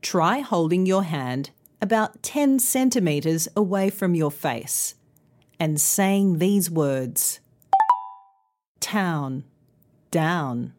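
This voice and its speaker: Slow, lively-voiced woman teaching pronunciation. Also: on the low side. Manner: slow, clear, carefully enunciated teaching. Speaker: pronunciation teacher and podcast host. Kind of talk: scripted instructional podcast.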